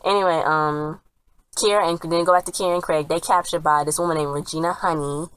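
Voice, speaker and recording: A woman's voice: deep voice, fairly even intonation, a little fast, a bit bright, clean tone, rough recording. A woman casually retelling a TV episode as a reviewer, rambling and chatty, and often quoting the characters. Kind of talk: casual spoken recap.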